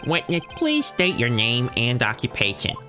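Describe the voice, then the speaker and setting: Dude doing a smug condescending prosecutor, swingy pitch, music going behind. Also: male voice, huge pitch swings, moderate pace, pushed and bright. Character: smug veteran male prosecutor.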